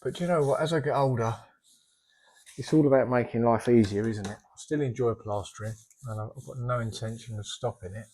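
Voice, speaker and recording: A man's voice: medium pitch, fairly quick, darkish tone. A middle-aged man, a plasterer chatting casually in a vlog as he works and rambling off topic. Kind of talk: casual vlog talk while working.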